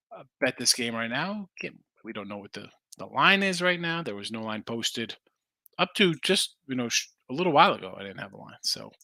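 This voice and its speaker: A man's voice: mid-range voice, sharp tone, no room sound, clean studio sound. A man hosting a sports betting show, casually running through picks and answering viewers. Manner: loose, rambling, answers chat comments. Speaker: sports betting podcast host.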